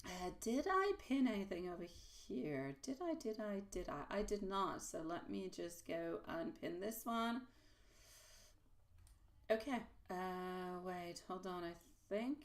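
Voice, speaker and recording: A woman's voice: on the low side, animated. A woman hosting a live tarot reading, chatting affectionately with viewers, using pet names and laughing often. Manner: laughs often, quick asides. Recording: voice a bit distant from the mic.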